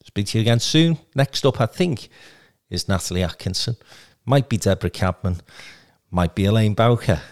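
A man hosting a podcast interview, talking in a chatty, encouraging way with plenty of fillers. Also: low voice. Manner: warm, encouraging, rambling with fillers. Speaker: podcast host.

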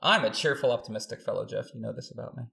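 A man co-hosting a podcast, making dry, deadpan ironic remarks in casual chat. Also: medium pitch, racing, gravelly. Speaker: podcast co-host.

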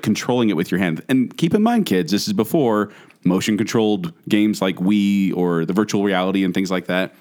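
A middle-aged man co-hosting a podcast, chatting casually and telling stories in a rambling, animated way. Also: lowish voice. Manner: animated storyteller, rapid and rambling with restarts. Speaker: podcast co-host. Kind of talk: casual chat.

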